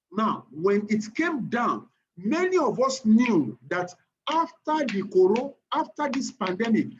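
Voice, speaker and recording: Animated Nigerian man teaching trading. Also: high-pitched. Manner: animated, repeats phrases, keeps checking the audience. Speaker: trading instructor. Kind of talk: online class lecture. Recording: muffled lo-fi recording with faint noise.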